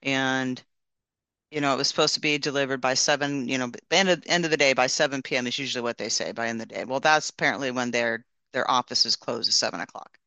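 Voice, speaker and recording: A man's voice: mid-range voice, quick pace, pushed and bright, clear, resonant tone, no room sound. Earnest man telling a rambling testimony. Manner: earnest, rambling storyteller with frequent restarts. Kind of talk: casual testimony and prayer.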